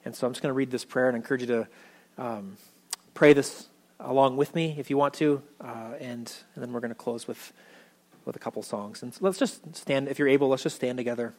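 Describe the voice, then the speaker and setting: A man's voice: mid-range voice, fairly even intonation, fairly quick. A man preaching a sermon as pastor, talking casually with lots of fillers and restarts.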